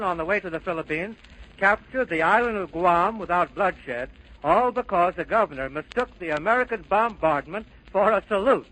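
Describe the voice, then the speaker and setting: A man's voice: high-pitched, pushed and bright, poor audio. A man hosting a 1930s radio show, giving emphatic, scripted narration. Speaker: host.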